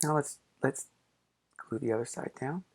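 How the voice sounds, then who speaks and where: A man's voice: medium pitch, moderate pace, breathy edge. A man, a pop-up book artist, walking viewers through a craft tutorial in an upbeat, encouraging, playful way.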